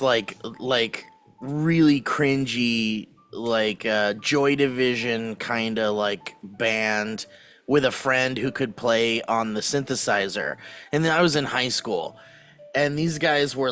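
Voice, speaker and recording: A man co-hosting a comedy podcast, chatting casually with quick bursts and frequent laughter. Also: mid-range voice, a bit bright. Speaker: podcast co-host.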